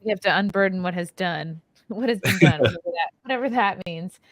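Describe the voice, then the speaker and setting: A woman's voice: on the low side, fairly quick, dry recording. Chatty woman podcast host, dry sound. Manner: chatty, laughs between words. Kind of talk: casual interview chat.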